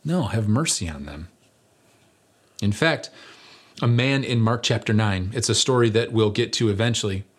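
A man's voice: lowish voice, expressive, moderate pace, pauses often. A man preaching a conversational sermon as pastor, earnest and building to emphatic peaks, with touches of light humor.

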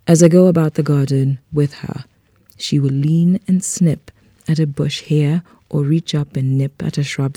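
Reader for a literary short story: gravelly, very dark tone, husky edge, dry close mic, measured and unhurried. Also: mid-range voice, no echo.

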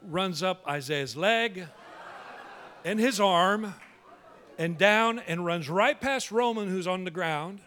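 A male pastor telling a humorous story in a sermon, animated and full of quick restarts. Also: high voice.

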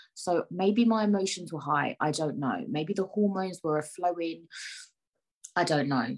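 A young woman telling an animated, exasperated story to her viewers in slangy, casual speech. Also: on the low side, slightly rough. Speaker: vlogger.

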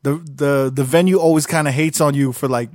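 A man's voice: mid-range voice, steady tone, a little fast, darkish tone, no echo, studio quality. A man hosting a podcast, chatting loosely, laughing and swearing as he tells stories. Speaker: podcast host. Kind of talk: casual chat.

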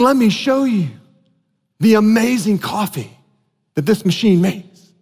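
High animated preaching man in a reverberant hall. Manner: animated preaching, asks the congregation questions. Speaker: pastor. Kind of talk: sermon.

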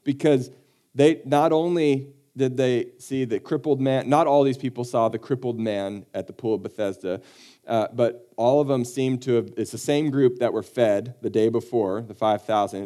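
A man's voice: medium pitch, dark tone. A man pastor giving a casual, conversational sermon with joking asides, acting out the people he quotes.

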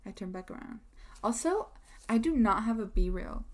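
A woman's voice: on the high side, expressive, normal speed. A young woman hosting a casual solo podcast, chatty and rambling with lots of fillers. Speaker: podcast host.

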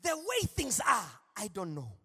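A man's voice: high-pitched, wildly swooping pitch, measured pace, pushed and bright, slightly rough, heavily acted. A man putting on a bewildered African-accented prophet. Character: bewildered old prophet, unsure and pleading. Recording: long hall reverb.

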